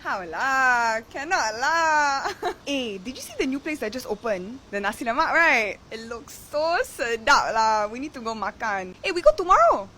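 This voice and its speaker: Laid-back young Malaysian woman, put on by a woman, relaxed drawl, bright voice, pitched a bit high. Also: normal speed, slight background noise, full character voice. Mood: easygoing. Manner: relaxed drawl with sentence-final 'lah'.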